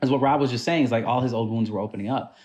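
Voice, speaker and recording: Male podcast co-host, rapid talker, skeptical and analytical. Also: medium pitch. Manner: quick, animated, picks apart story logic. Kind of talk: casual chat.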